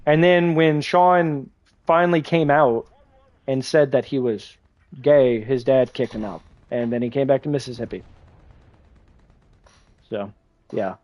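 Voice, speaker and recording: A man's voice: fairly high pitch, dry recording, muffled recording. Rambling young man on a dry mic. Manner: rambling storyteller, swears casually. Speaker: streamer. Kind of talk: casual livestream chat while gaming.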